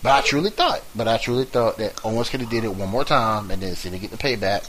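A man co-hosting a casual wrestling chat, animated and emphatic, laughing often. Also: lowish voice, fast talker, a crowd in the background, poor audio. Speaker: wrestling show co-host.

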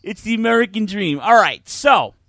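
Man, podcast host, animated, casual, swears, dry sound. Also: sits high, normal speed, creaky, dry recording. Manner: animated, swears, recaps and sets up clips. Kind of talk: casual chat.

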